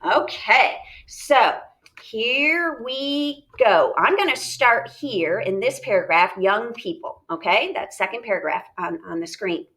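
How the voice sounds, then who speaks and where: A woman teacher talking students through a reading lesson, chatty and animated, modeling her thoughts aloud. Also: a little high, slow pace. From United States.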